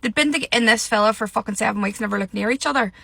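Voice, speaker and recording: A woman's voice: a little high, fast talker, vocal fry, a bit bright, dry recording. A young woman ranting about a reality show in a heated, sweary, exasperated vlog. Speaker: reality TV commentator.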